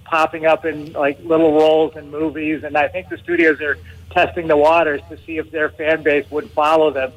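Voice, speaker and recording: A man's voice: a little high, flat delivery, normal speed, lo-fi sound. A middle-aged man as a guest in a casual interview, chatty, laughing often and restarting his sentences.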